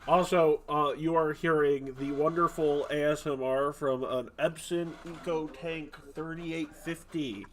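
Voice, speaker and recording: Man, game master, fairly high voice, jokey asides, casual chat. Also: steady tone, slight background noise. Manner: chatty, jokey, quick asides.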